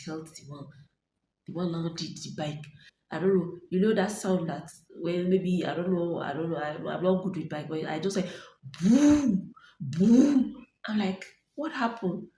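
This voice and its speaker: A woman's voice: on the low side, darkish tone. A young Nigerian woman vlogger dramatically retelling a story to her viewers, acting out voices and dropping to whispers. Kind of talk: storytelling to camera. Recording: echoey room, faint ambient noise.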